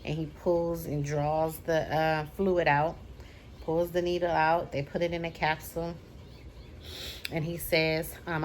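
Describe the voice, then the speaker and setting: A woman's voice: low-pitched, little pitch movement, measured pace, slight background noise. Emphatic woman telling a personal story. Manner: emphatic, repeats phrases for effect. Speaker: vlogger.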